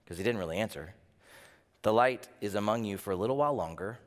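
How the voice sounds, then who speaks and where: A man preaching a sermon as pastor, animated, firing off rhetorical questions with a lift in his voice. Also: on the low side, a little fast, in a large hall. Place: church.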